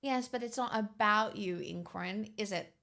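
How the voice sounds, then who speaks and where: A woman's voice: mid-range voice, moderate pace, creaky, pushed and bright. A young woman streaming, chatting casually with her viewers in a sarcastic, bantering way. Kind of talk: casual livestream chat.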